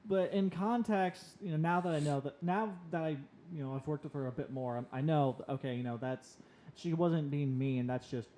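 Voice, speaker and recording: A young man co-hosting a casual podcast, telling personal stories and getting animated when he quotes himself. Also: fairly high pitch, moderate pace, slight background noise. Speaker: podcast co-host on the autism spectrum.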